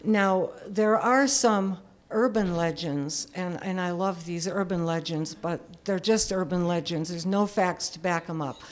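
A woman's voice: on the low side, unhurried, few pauses. A woman in her seventies telling a personal story in a candid, self-deprecating way, often chuckling. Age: 70s.

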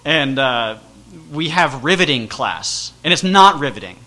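A man casually telling a rambling, self-deprecating personal story with animated energy. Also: medium pitch, a little slow.

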